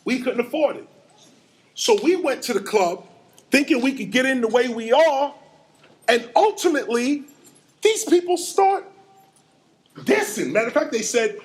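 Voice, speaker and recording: A middle-aged man giving an animated storytelling lecture, acting out sounds and quotes. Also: very high-pitched, moderate pace, long pauses. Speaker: hip hop lecturer.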